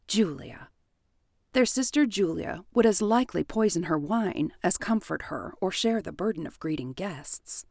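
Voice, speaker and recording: A woman reading a period novel aloud in calm, even audiobook narration. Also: lowish voice, unhurried, gravelly, no echo, clean studio sound.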